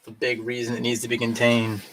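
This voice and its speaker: A man's voice: medium pitch, completely flat delivery, fairly quick, noisy background. A man chatting casually on a live stream while drinking, rambling and tipsy, with lots of fillers and restarts.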